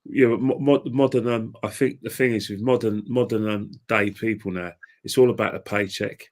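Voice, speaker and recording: A man on a boxing panel, talking haltingly and agreeably. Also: fairly low pitch, fairly even intonation, darkish tone. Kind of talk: casual panel chat.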